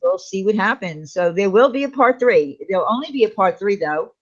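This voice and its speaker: A woman co-hosting a casual live chat show, talkative and quick to laugh, trailing off between thoughts. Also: mid-range voice, lively intonation, highs cut off. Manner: chatty, laughs often, trails off. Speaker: livestream co-host.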